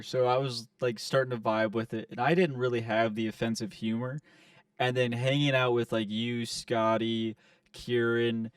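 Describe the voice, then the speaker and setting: A man's voice: mid-range voice, smooth, no room sound, distant mic. Young male podcast co-host, loose rambling storyteller, dry room, sits back from the mic. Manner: rambling, profane, quotes friends in put-on voices. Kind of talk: casual storytelling chat.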